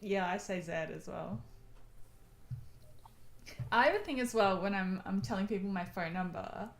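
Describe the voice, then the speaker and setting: A woman's voice: mid-range voice, moderate pace. An Australian woman chatting casually on a gaming stream, laughing often. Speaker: stream co-host. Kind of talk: casual chat while gaming. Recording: echoey room with faint ambient noise.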